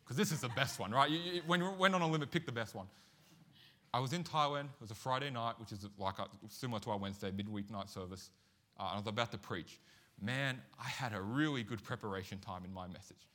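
Animated man preaching. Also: medium pitch, quick pace. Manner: animated, self-mocking storyteller. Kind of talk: sermon with storytelling.

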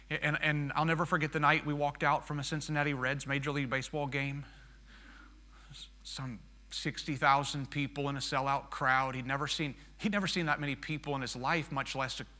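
A man preaching through a story, acting out the dialogue and dropping to a hushed tone when he reflects. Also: on the high side. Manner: animated storyteller who acts out the dialogue and turns soft and hushed for reflection. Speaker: missionary pilot preaching. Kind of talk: storytelling sermon.

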